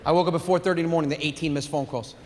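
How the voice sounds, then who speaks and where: High-voiced comedian shouting in a hall. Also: male voice, racing. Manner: animated, shouts punchlines, acts out family members. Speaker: stand-up comedian. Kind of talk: stand-up comedy storytelling. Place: large theater stage with audience. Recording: live hall reverb with audience noise.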